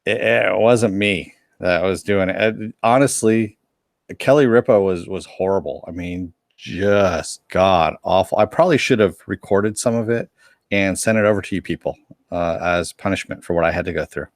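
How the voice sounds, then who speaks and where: A man's voice: deep voice, normal speed, no room sound, studio quality. A man co-hosting a casual live-stream podcast, telling rambling, joking stories with frequent restarts. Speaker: podcast co-host reporting on a convention.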